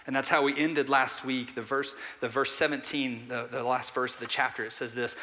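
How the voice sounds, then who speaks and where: Bright-voiced preacher man in a reverberant church. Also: medium pitch, fairly even intonation. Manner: earnest preaching, rising to emphatic peaks and dropping to quiet pauses; asks the congregation questions. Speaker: pastor. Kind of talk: sermon. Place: church sanctuary. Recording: long hall reverb.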